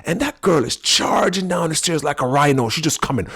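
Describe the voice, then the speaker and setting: A middle-aged man hosting a talk on personality types, telling a story in an animated way. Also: fairly high pitch, fairly quick, creaky, breathy edge. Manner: animated storyteller, acts out quoted voices. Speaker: podcast host teaching personality types.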